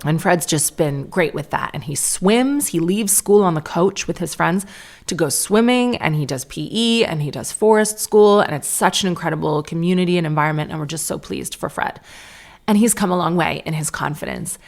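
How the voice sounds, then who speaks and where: A woman in her thirties hosts her own podcast and tells family stories in a loose, chatty monologue. Her voice sits low with a gravelly fry. She leans on "like" constantly and slips into little acted-out quotes of what people said. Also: moderate pace. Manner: chatty, lots of "like", acts out quotes. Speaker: podcast host. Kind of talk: casual solo storytelling.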